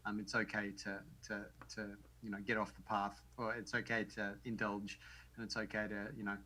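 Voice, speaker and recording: A man co-hosting a casual podcast, talking in halting bursts with many restarts and easy laughs. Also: lowish voice, bright, forceful tone, poor audio. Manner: halting, full of ums and restarts, laughs easily. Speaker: podcast co-host. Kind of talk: casual chat.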